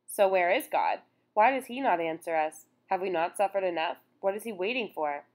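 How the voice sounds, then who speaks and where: A woman's voice: on the low side, animated, normal speed, natural voice. A woman voicing a bitter, anguished mother who has lost her children, in an audiobook. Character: grieving mother questioning God.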